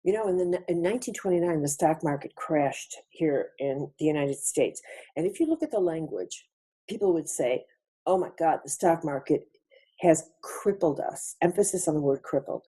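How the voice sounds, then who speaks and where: A woman's voice: sits low, animated, normal speed, warm tone, slightly rough. A woman giving a spiritual lecture over a webinar, reflective, repeating phrases for emphasis. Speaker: featured speaker.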